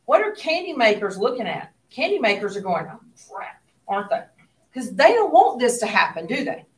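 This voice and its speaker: A high-pitched woman teaching an economics class asks questions and murmurs her asides almost in a whisper. She's recorded from afar in a room with plenty of space around her voice.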